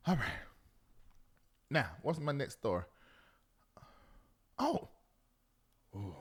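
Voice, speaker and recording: A man hosting a live talk show, preaching and scolding theatrically with sudden shouts. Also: a little high, big pitch swings, drawn-out words, long pauses.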